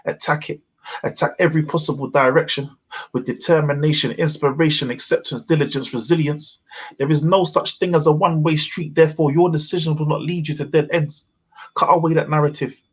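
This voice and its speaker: A man performing spoken word poetry into a video call, his delivery measured and rhythmic. His voice sits a little high and has a husky grain. The lines lean on wordplay and build steadily. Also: fairly even intonation. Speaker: open mic poet.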